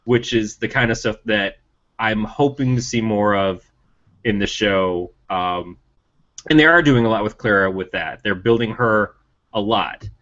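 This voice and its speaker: A man co-hosting a casual podcast about TV, voicing strong opinions with emphatic rising pitch. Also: a little slow, fairly bright tone. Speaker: podcast co-host. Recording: dull lo-fi sound.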